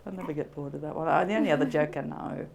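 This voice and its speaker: A woman's voice: deep voice, racing, creaky, darkish tone, slight background noise. A woman chatting and joking during a ghost hunt inside an old jail, laughing easily. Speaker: paranormal investigator.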